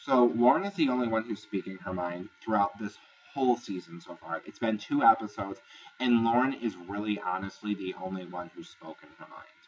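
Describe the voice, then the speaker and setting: A man's voice: fairly low pitch, a little fast, recorded from a distance, lo-fi sound. Chatty, profane man recapping a reality show. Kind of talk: casual review vlog.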